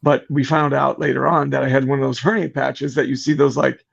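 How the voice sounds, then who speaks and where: A middle-aged man telling a long personal story as a podcast guest, animated and acting out the voices of the people in it. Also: medium pitch, a little fast, vocal fry, breathy edge. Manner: animated, acts out quoted voices. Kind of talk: casual storytelling. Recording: muffled lo-fi podcast audio.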